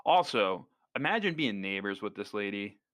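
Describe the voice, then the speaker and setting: Male podcast co-host, lowish voice, rambling and incredulous, dry close sound. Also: big pitch swings, normal speed, fairly bright tone, no room sound. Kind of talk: casual movie chat.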